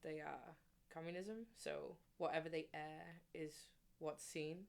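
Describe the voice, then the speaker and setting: A woman's voice: low-pitched, measured pace, vocal fry, a little hiss or hum. A woman, a guest musician, telling stories in a casual chat and laughing often. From England. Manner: animated storyteller, laughs often.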